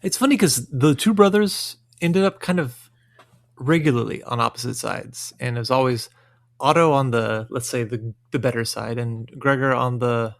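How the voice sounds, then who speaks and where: A man with a gravelly, creaky voice co-hosts a history podcast. He chimes in with short agreements and quick casual asides, and his voice sounds dry and close to the mic. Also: medium pitch, no room sound. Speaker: podcast co-host. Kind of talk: casual discussion.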